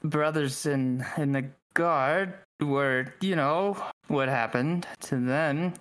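An actor voicing a shaken young male guard who talks haltingly and hesitantly. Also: fairly high pitch, fairly bright tone, clean tone.

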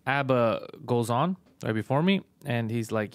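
A man casually telling a story on a podcast, fast, profane and animated. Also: mid-range voice, no echo. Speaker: podcast host, comedian.

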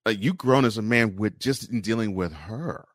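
A man interviewing a guest, speaking quietly and offering short affirmations. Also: lowish voice, moderate pace.

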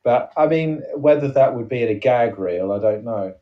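A man's voice: medium pitch, animated, normal speed. A man co-hosting a comedy podcast, rambling and hesitant in a playful chat. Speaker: podcast co-host. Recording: dull, distant podcast audio.

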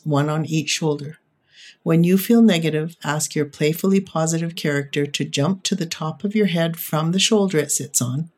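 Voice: medium pitch, darkish tone. An upbeat, encouraging podcast host giving parents tips in a monologue.

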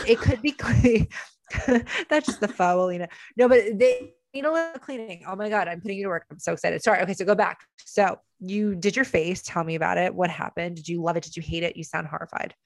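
A woman's voice: medium pitch, fast talker, no room sound. A young woman co-hosting a podcast, teasing her friend and laughing often in casual chat. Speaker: podcast co-host.

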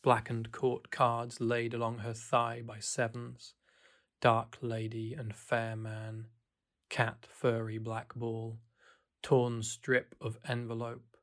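A man reading literary fiction aloud, his narration quiet and dropped in level between the dialogue. He lingers over short descriptive fragments, slowing the pace and keeping a mid-range pitch. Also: completely flat delivery. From Wales. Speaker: audiobook reader.

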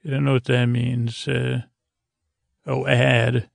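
A man hosting a podcast, giving a halting, filler-heavy episode recap meant to lull listeners to sleep. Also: medium pitch, little pitch movement, gravelly, no echo. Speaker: podcast host.

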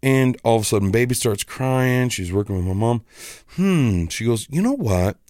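A man's voice: medium pitch, normal speed, darkish tone, no echo, clean studio sound. A man hosting a podcast, ranting casually and with irritation, with some swearing. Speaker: podcast host.

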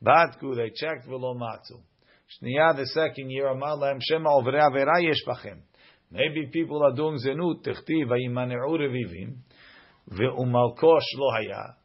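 A man's voice: mid-range voice, normal speed. Guy teaching talmud, reads a line then translates it, kinda muffled lo-fi audio. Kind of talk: lesson.

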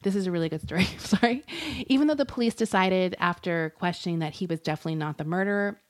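A woman's voice: on the low side, fast talker. A woman co-hosting a podcast, retelling a true-crime story in casual, rambling chat and laughing often. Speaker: podcast co-host.

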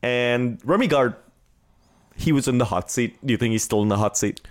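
A man with a mid-range voice hosts a casual sports podcast at a moderate pace. He cracks crude jokes and launches into energetic, animated rants.

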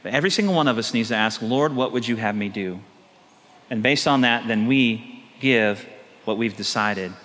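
A middle-aged man preaching a sermon as pastor, telling lively stories with animated acted quotes. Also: medium pitch, moderate pace. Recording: long hall reverb.

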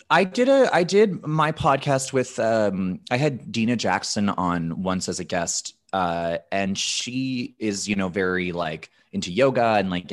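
Low-pitched man in his thirties, casual podcast guest, candid and profane, restarts phrases. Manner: candid storyteller, swears often, restarts phrases.

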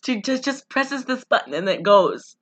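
A woman recapping a movie plot in casual chat, her voice bright and a bit high. She tells the story animatedly while saying she feels sick. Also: normal speed. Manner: animated storytelling, flat deadpan when quoting characters. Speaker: co-host recapping a film.

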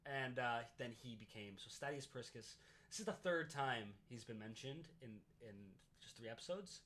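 Bright-voiced Canadian man explaining history. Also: mid-range voice, lively intonation, moderate pace. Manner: explains at length with frequent fillers and self-corrections. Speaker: podcast host. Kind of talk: casual history podcast chat.

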